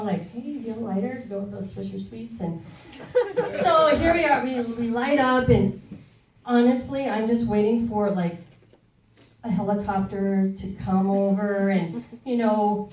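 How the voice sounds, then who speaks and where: A woman's voice: fairly high pitch, reverberant, far from the mic, low-quality recording. A woman in her thirties doing a stand-up set on a comedy club stage, telling a rambling, confessional story. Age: 30s.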